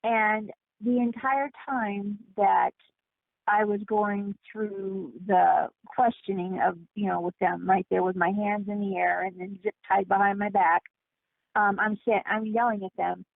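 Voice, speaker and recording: A woman guest on a call-in talk show, telling her story in an animated, emphatic way over the phone. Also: mid-range voice, unhurried, vocal fry, no echo. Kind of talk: casual phone interview. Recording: tinny phone line.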